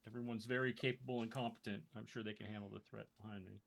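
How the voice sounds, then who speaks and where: Brief: tabletop player, man, mid pitch, bright voice, casual and wry. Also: fairly even intonation, quick pace, creaky. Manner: chatty, self-mocking about dice. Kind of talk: casual chat at a tabletop game.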